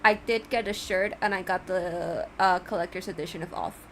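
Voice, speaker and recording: A woman streamer giving casual let's-play commentary, gushing, excitable and giddy. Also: on the low side, normal speed, a little hiss or hum.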